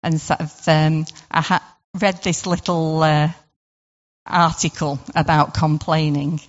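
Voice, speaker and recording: Chatty woman, low voice. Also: flat delivery, slow pace, big-room sound. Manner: chatty, full of "sort of" and rhetorical questions. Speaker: devotional speaker. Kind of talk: informal devotional talk. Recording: dull lo-fi recording.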